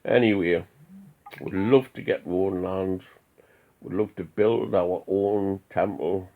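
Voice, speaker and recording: Gravelly man on a tinny line. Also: deep voice, steady tone, slow pace. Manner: preachy, defiant, rhetorical questions. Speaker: member of an Odinist group. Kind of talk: ranting monologue. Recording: tinny phone-like audio.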